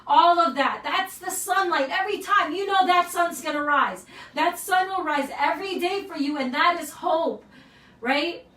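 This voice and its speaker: A woman's voice: very high voice, normal speed, fairly bright tone. A woman gym owner giving an earnest, emotional pep talk to her members, often tagging lines with "right?". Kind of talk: motivational address to members. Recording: roomy sound from a distance.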